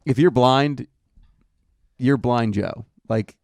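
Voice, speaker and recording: A man's voice: medium pitch, slow pace, darkish tone, no echo. A man with a Philadelphia accent, a laid-back storyteller chatting as a podcast guest. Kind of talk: casual chat.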